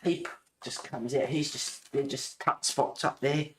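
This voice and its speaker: A woman's voice: rumbling low, fairly even intonation, unhurried, a little hiss or hum. A woman chatting casually in a craft vlog, rambling and laughing often as she shows her work. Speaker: colouring and junk-journal vlogger. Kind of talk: casual chat showing crafts. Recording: echoey room.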